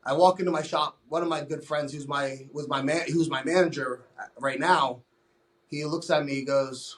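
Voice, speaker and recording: A young man on a podcast speaks in a fairly high voice as he tells his own story plainly. He swears freely, restarts his sentences often, and keeps up a candid conversational flow. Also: fairly even intonation, normal speed, a bit bright. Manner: blunt and profane, with many restarts. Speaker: podcast guest.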